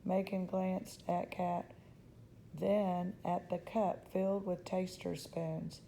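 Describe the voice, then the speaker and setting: A woman reading a children's novel aloud in a gentle, unhurried storytelling voice. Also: on the low side, flat delivery, vocal fry, a little hiss or hum, low-quality recording. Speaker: storybook reader.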